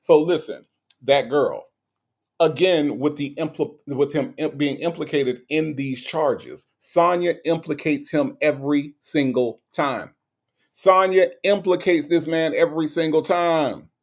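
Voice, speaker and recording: A man's voice: fairly high pitch, a little slow. A man hosting a live stream, reacting to a case and reading viewer comments in a blunt, mocking, repetitive way.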